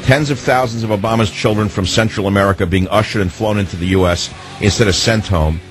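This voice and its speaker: A man's voice: on the low side, fast, faint music behind. A man hosting a political radio talk show, combative and full of rhetorical questions.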